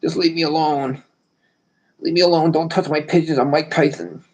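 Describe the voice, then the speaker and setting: A man putting on a high, whiny impression of a famous boxer that swings between scared and threatening. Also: steady tone, moderate pace, darkish tone, close to an everyday voice, rough recording. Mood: scared, menacing.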